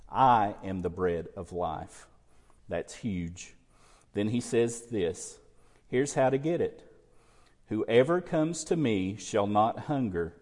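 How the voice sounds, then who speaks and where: A man preaching in a church, his fairly low, mellow voice ringing with the long reverb of a big sanctuary. He works through scripture and keeps asking the congregation questions. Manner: expository preaching with rhetorical questions. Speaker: pastor. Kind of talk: sermon.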